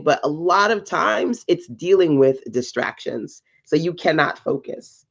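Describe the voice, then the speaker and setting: A woman with a low voice, recorded with dull audio, runs a business livestream from North Carolina. She laughs, asks her viewers questions, and keeps up a chatty motivational talk aimed at entrepreneurs.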